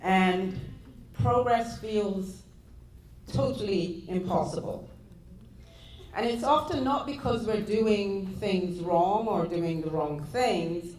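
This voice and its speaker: Slow, measured British woman speaking in a hall. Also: on the low side, a little mellow. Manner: measured and deliberate. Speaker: guest speaker. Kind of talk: motivational talk. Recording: echoey hall with faint background noise.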